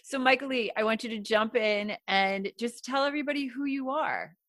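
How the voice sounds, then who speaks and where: A woman's voice: on the high side, background noise. A woman hosting a chat show who gushes with emotion and laughs easily while introducing an old friend. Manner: gushing, effusive, quick to laugh. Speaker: podcast host. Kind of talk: emotional, warm-hearted chat.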